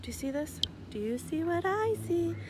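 This young woman's voice is very high, with big pitch swings, a darkish tone and normal speed, over slight background noise. Walking around outdoors by her house at night, she announces charity winners on a casual live stream, phone at arm's length. She's chatty, giggly and self-deprecating, laughing at herself along the way.

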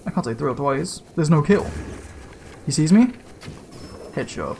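A man giving casual gameplay commentary, excitable and slangy, swearing and yelping as he plays. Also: fairly high pitch, unhurried, creaky, slight background noise. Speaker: let's play gamer.

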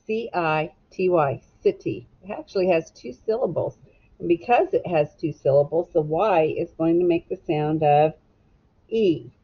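A woman teacher giving a recorded phonics lesson to children, slowly sounding out letters and words in a clear, encouraging way. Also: lowish voice, highs cut off.

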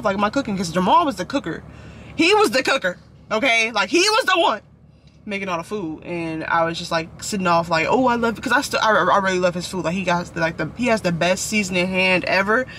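High, bright-voiced chatty young man. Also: slight background noise. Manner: rambling, chatty, apologetic. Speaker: vlogger. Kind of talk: casual chat. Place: inside a parked car.

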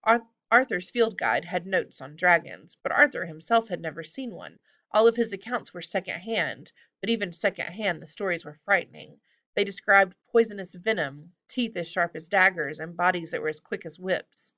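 Woman narrating a kids' fantasy audiobook, steady, lowish bright voice. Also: moderate pace. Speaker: audiobook reader. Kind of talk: storybook narration.

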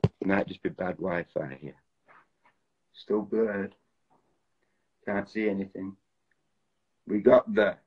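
A man speaks in a low, husky voice, slowly and with frequent pauses, as he hosts an Instagram live stream. He performs film titles and reads the viewers' guesses aloud, all captured as lo-fi audio on a phone.

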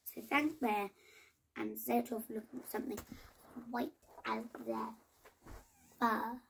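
A woman reading a children's picture book aloud in a slow, gentle way, with small restarts. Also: fairly high pitch, sing-song, vocal fry, slight background noise. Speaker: storybook reader.

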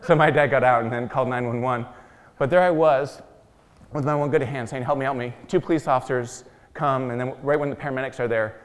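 A man's voice: medium pitch, steady tone, brisk. Joking man telling a story in a hall. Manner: joking, self-deprecating storyteller. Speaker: guest speaker. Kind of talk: storytelling talk to an audience. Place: large meeting hall. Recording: long hall reverb.

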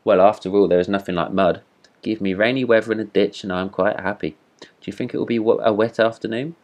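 A man's voice: fairly low pitch, fairly even intonation, fast talker, a little mellow, close to an everyday voice. A man reading a storybook voicing a talkative, self-satisfied male frog who boasts cheerfully. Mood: chatty.

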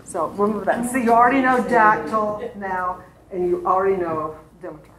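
In a church classroom, a woman with a mid-range voice teaches adults at a moderate pace, lecturing conversationally and dropping in fillers and side remarks to her students. Crowd noise can be heard in this roomy classroom recording.

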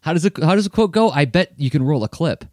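A man's voice: on the high side, animated, fast talker. A man hosting a podcast in casual chat, talking animatedly, laughing often and using many fillers. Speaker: podcast host.

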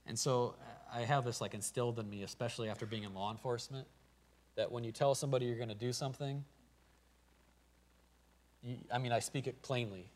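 A middle-aged man with a Midwestern American accent preaching a sermon as pastor, moving from hushed storytelling to loud, stammering pleading. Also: medium pitch, fairly even intonation, brisk, long pauses. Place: church sanctuary.

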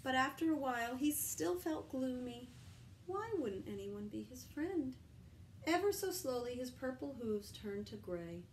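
Woman teacher, storybook read-aloud, gentle, questions for kids, higher voice. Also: sing-song, unhurried, a little hiss or hum, low-quality recording. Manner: gentle, asks children questions.

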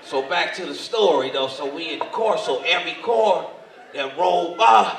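A man doing stand-up comedy in a large hall, telling his story loudly and with lots of swearing. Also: on the high side, normal speed, vocal fry. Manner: loud, profane, animated storytelling. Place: large hall in front of a live audience. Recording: echoey hall, voice from far, noisy.

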